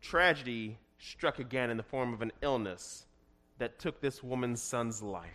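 A man preaching a sermon, moving between hushed, quiet passages and emphatic, rising declarations, and reading scripture aloud dramatically. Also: medium pitch, measured pace. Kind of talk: expository sermon.

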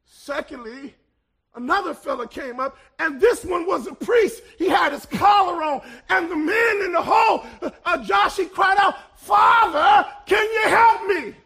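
A man preaching a sermon as pastor, building to loud shouted peaks and then dropping to hushed lines. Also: extremely high pitch, moderate pace, gravelly, some chatter behind. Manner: preaching with swelling shouts and sudden hushed drops.

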